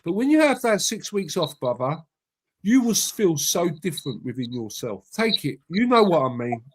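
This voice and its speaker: A man's voice: sits high, very animated, normal speed, breathy edge. A man hosting a casual live stream chat, talking bluntly in slang.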